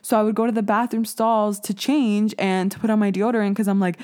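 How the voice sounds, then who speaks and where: A woman's voice: mid-range voice, level tone, fairly quick, darkish tone, clear, resonant tone. A woman in her twenties hosting a casual solo podcast, talking candidly with lots of "like" fillers, some swearing, and jokes at her own expense. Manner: self-mocking, laughs at herself. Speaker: podcast host.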